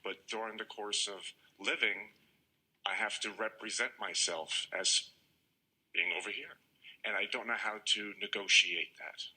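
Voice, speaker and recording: A man in a seminar audience earnestly describing a personal problem, speaking in a searching, halting way. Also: lowish voice, sharp tone, husky, rough recording. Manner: searching, halting, restarts mid-thought. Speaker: audience member asking a question.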